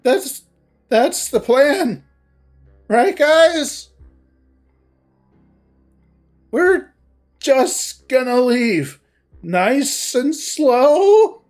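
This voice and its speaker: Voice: sits high, very animated, extremely slow, a little mellow, faint music behind, voice pushed up, heavily acted. A narrator voicing a young anxious furry character who stammers with a shaky, cracking voice. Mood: forced calm.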